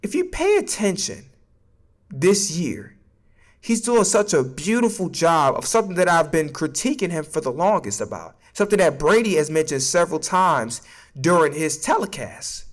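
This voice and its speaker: A man rants about sports on his stream in a high, animated voice that swings all over. He is emphatic and swears freely, and he stammers and repeats himself when he gets worked up. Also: normal speed. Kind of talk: casual sports opinion rant.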